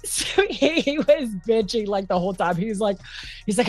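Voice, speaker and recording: A woman's voice: fairly high pitch, animated, normal speed, dry recording, faint music behind. A woman casually telling a funny story in an interview, laughing and swearing as she talks. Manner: laughing, chatty, cursing.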